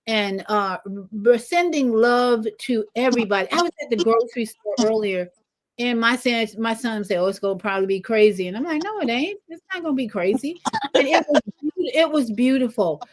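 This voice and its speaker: A woman hosting a casual livestream talk show, animated, acting out greetings she gives strangers. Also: normal speed, no echo, rough recording. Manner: animated, acts out greetings in a lively higher voice.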